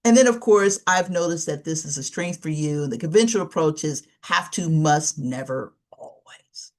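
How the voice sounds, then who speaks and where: A woman trainer presenting an online webinar, animated, acting out example conversations and laughing often. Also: low-pitched, normal speed. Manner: lively, acts out dialogue examples, laughs often. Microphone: webinar computer mic.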